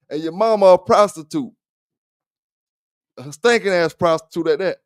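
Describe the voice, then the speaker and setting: A man with a high-pitched voice hosts a livestream dog talk show, speaking a little slowly in a dry, studio-quality recording. He chats loosely with viewers in profane trash talk and laughs often.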